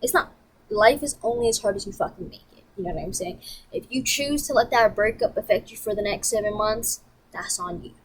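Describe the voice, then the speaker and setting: A woman vlogger telling a story in a profane, animated, emphatic rant. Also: mid-range voice, brisk, breathy edge, low-quality recording.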